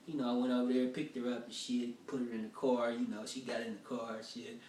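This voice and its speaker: A man's voice: medium pitch, little pitch movement, fast talker, darkish tone, a little hiss or hum. A male comedian telling stories in a profane, rambling, casual way, recorded from a distance in a roomy space. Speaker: stand-up comedian. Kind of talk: stand-up storytelling, rough draft. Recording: roomy sound from a distant mic.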